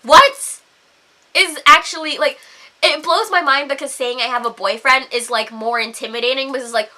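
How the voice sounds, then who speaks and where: A woman's voice: sits high, normal speed, sharp tone. A young woman vlogger ranting to camera, heated, swearing a lot and saying "like" constantly.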